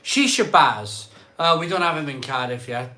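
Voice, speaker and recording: A man's voice: a little high, lively intonation, pushed and bright. A middle-aged man hosting a casual live stream, reading out viewer comments and bantering with mild swearing. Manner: chatty, rattles off place names in a quick list.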